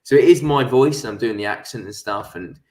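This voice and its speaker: A young man chats loosely as a guest, laughing and swearing as he goes. His voice sits at a middle pitch and rings with the echo of a bare room. He talks over a video call. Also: lively intonation, fairly quick, a little mellow. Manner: chatty, laughing, swears freely. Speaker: actor and interview guest. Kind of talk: casual interview chat. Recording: echoey room.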